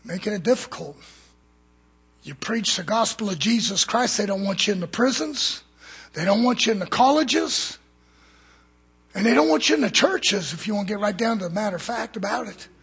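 A man preaching a fiery sermon in a church, swinging from loud shouts to low murmurs. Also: moderate pace, creaky, husky.

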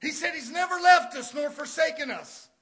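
A man preaching a sermon with fiery energy, swinging between shouted declarations and hushed, quiet asides, with folksy Southern phrasing. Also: very high voice, moderate pace.

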